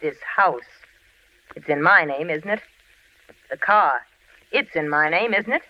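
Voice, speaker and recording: An actress playing a vengeful wife who is turning into a cat, in 1940s radio acting style. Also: female voice, animated, a little slow, slight background noise. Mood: taunting. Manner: taunting, later shrill and panicked. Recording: muffled old radio drama recording.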